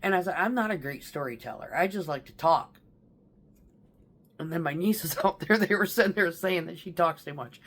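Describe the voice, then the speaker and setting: A vlogger with a lowish, brisk, slightly bright voice talks casually to camera about her stepfather's last days. Her personal storytelling rambles, turns emotional and includes casual swearing.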